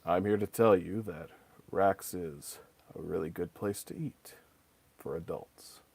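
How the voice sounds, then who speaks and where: A man doing a deadpan old ad mascot. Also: low voice, gravelly, slightly rough, no echo, pitched below the performer's own voice, exaggerated voice. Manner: deadpan, flat and slow. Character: deadpan middle-aged male ad mascot.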